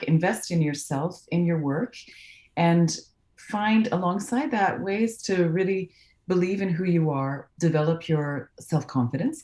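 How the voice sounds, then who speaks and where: A woman's voice: mid-range voice, dark tone, reverberant. A woman voice actress chatting in an interview from England, thoughtful and encouraging, with frequent "um" and "you know". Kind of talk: casual video-call interview. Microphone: video call.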